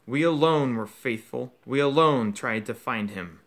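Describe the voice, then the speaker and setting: A man voicing a fanatical woman loyal to a dark lord, making a proud, defiant declaration. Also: mid-range voice, a little slow.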